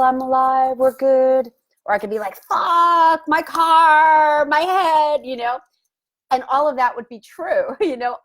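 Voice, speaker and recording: Chatty middle-aged woman telling a story. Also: medium pitch. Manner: chatty and reflective, laughs often, acts out quoted lines. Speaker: love coach and host. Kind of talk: casual vlog storytelling.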